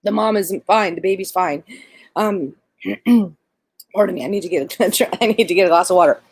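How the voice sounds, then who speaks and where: Midwife lady telling a story, lively and chatty, lots of ums, dry close mic. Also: mid-range voice, moderate pace, slightly rough, no echo. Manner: animated, conversational, many fillers. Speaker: doula and midwife. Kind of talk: storytelling about a birth.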